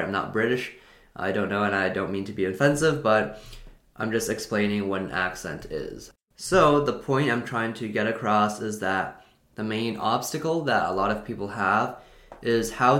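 Low-voiced man explaining, echoey room. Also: fairly bright tone. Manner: loose, thinks aloud, rephrases himself mid-sentence. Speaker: English learning podcast host. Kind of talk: unscripted explanatory talk.

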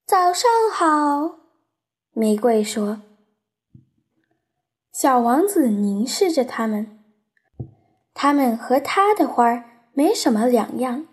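Slow, lilting woman narrating a storybook. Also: fairly high pitch, expressive. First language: Chinese. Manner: slow, careful, lilting reading. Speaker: audiobook reader.

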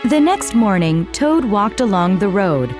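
A woman narrating a children's storybook slowly and clearly, in a deliberate, expressive way. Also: medium pitch, music in the background.

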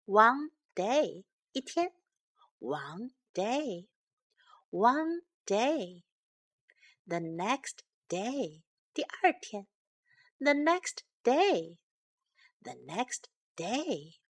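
A woman reading a children's story aloud in two languages and teaching English, slowly and clearly repeating phrases for learners. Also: on the high side. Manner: lively storybook delivery.

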